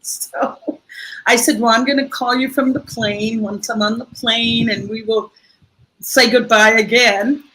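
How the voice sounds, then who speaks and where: Bright-voiced older woman telling a heartfelt story. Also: fairly high pitch, normal speed, poor audio. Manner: heartfelt storytelling, lively and expressive. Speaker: guest. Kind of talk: conversational interview.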